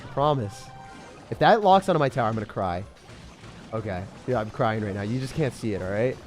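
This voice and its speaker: A man giving excited, self-mocking commentary over his own gameplay, full of gamer slang, swinging from hype to groans. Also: fairly low pitch, fairly quick, soft background music. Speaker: gaming creator.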